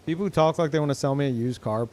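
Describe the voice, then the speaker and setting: A young man streaming games, tired and low on energy, rambling in casual chat with lots of swearing, ums and restarts. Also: very fast, a little mellow, a little hiss or hum. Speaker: game streamer.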